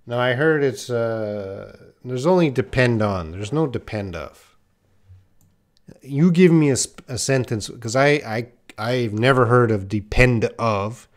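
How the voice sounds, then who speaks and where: A man's voice: mid-range voice, a little slow. A man teaching English on a live stream, reading out viewer questions and answering them bluntly. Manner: reads viewer questions aloud and corrects them, blunt and direct.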